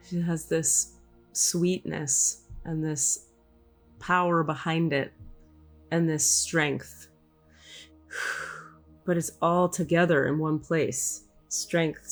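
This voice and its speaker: Woman podcast host, low voice, unhurried, soft and reflective, sighs and hums, faint music behind. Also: steady tone. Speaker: podcast host, channeling a spirit. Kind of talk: casual podcast talk.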